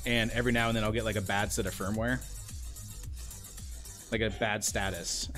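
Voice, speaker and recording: A man player chatting quickly and upbeat, full of fillers and restarts. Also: on the low side, steady tone, a bit bright, soft background music. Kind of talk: casual chat.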